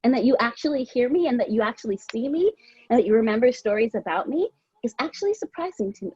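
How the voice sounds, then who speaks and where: A woman's voice: on the high side, animated, fast talker, a little mellow, husky, no room sound. A woman guest on a podcast in a heartfelt, casual conversation, gushing with thanks, using lots of fillers and repeating herself. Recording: dull, dry lo-fi audio.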